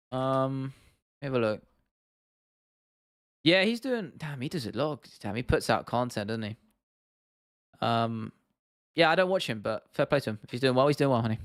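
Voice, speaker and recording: A man's voice: mid-range voice, no room sound. Chatty man on a livestream. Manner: relaxed, chatty, answers chat questions with laughs. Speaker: livestream host. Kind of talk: casual livestream chat.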